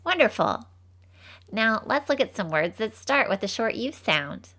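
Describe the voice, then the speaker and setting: Folksy young female teacher, voiced by a woman, slow and patient phonics delivery for preschoolers. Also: on the high side, sing-song, pushed and bright, full character voice. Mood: cheerful. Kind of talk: scripted children's phonics lesson.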